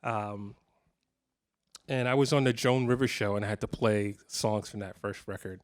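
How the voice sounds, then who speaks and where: Speaking at a normal speed in a lowish voice, a man in his fifties entertains a live clinic crowd. He's a guitarist sharing animated, jokey anecdotes, laughing often as he tells his casual stories.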